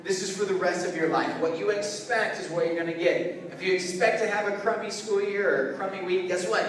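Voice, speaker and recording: A man preaching an energetic object-lesson sermon to young people as a youth pastor, calling out questions to the audience. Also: high-pitched, brisk. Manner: energetic, call-and-response with audience. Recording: echoey hall, mic from a distance.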